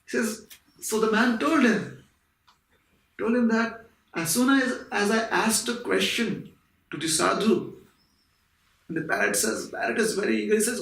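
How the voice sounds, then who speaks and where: A man giving a spiritual talk at a private home, telling a story in an animated, conversational way. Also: sits high, moderate pace, gravelly, long pauses. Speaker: lecturer. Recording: echoey room, mic at a distance.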